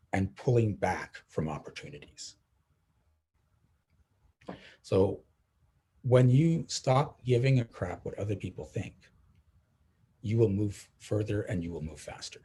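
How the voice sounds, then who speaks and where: A man with a very husky, breathy voice leads a motivational workshop in a casual, animated way. He acts out the people he quotes and laughs often as he speaks. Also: medium pitch, normal speed, long pauses. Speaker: coach.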